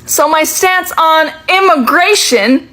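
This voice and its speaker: A woman's voice: extremely high pitch, slow, sharp tone, poor audio. A woman talking casually to camera, exasperated and blunt, swearing freely.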